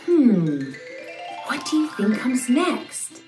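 A woman hosting a toddler learning video speaks in a sing-song, encouraging way, with slow, clear words, fairly high pitch, and big pitch swings. The room is echoey, with faint music behind her.

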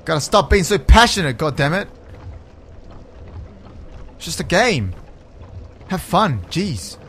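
A young man talks through his game session, his voice bright and forward. He takes his time with his words but lets his pitch jump around, dropping curses as he gets worked up. Casual Let's Play commentary. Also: takes it slowly, a little hiss or hum. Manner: swings from calm to yelling in frustration; swears a lot. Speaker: gaming YouTuber.

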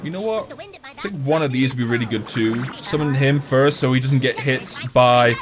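A young man commenting on his own mobile game matches, excitable, swinging between hype and grumbling and swearing when things go wrong. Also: medium pitch, moderate pace. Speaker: gaming YouTuber. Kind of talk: gameplay commentary. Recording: faint music behind.

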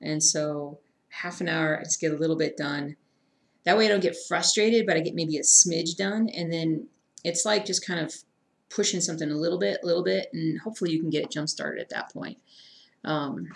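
Casual woman streamer with a slightly low, gravelly voice, chatting to viewers and muttering to herself. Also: animated, normal speed, very noisy. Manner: chatty, self-deprecating, talks to chat, mutters to herself. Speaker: cross-stitch streamer. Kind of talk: casual live-stream chat while stitching.

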